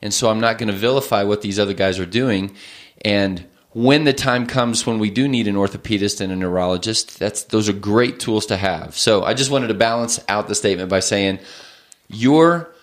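A man's voice: lowish voice, moderate pace. A man who is a family doctor, explaining things thoughtfully in an interview, often restarting his sentences.

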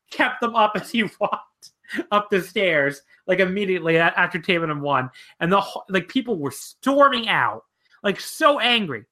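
Bright-voiced man cursing through a story. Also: sits high. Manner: profane, cackling storyteller. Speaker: wrestling podcast speaker. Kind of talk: casual podcast chat.

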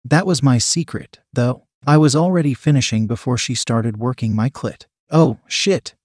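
A man narrating an erotic story in the first person, reading in an even, unhurried way. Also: medium pitch, breathy edge, no room sound, studio quality. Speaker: story reader.

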